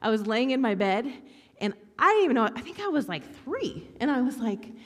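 Animated woman preaching in a reverberant hall. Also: fairly high pitch, fairly quick. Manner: animated storytelling, voice swings from hushed whispers to bright exclaiming. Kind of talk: sermon. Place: church stage.

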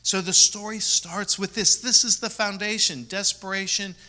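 Bright-voiced man preaching a sermon. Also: high voice, fairly even intonation, normal speed. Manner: preaching with emphatic repetition, swinging between loud and soft. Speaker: pastor.

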